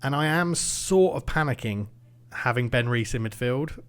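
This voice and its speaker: A man commentating his own football management game, swinging between nervous muttering and excited shouting. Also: mid-range voice, normal speed. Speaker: gaming YouTuber.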